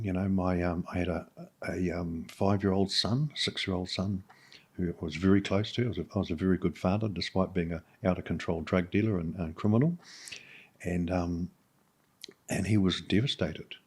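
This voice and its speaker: A middle-aged man from New Zealand, a podcast guest, talks in a low, husky, slightly mellow voice. He recounts his own story openly but haltingly, with frequent "um"s and restarts.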